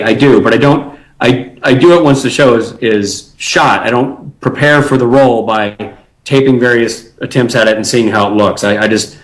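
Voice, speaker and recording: A man's voice: medium pitch, moderate pace, poor audio. A man from Nashville, Tennessee, guest on an interview, talking in an easygoing, chatty way with many fillers. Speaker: actor guest. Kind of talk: casual interview.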